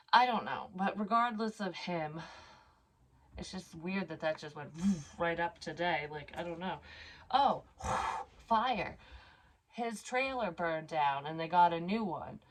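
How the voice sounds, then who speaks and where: A middle-aged woman talks to her camera in a loose, meandering way, full of "like" and "you know" and casual swearing. Her voice sits a little low, and she slows down to read cards aloud. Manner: rambling, swears casually, many fillers; reads cards aloud slowly. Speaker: psychic medium vlogger. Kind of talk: casual personal vlog.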